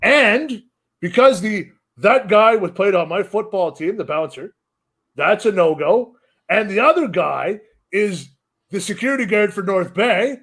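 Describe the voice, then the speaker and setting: A man's voice: high-pitched, lively intonation, unhurried, a bit bright. A man chatting on a casual podcast, telling stories in a rambling, profane way. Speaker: guest.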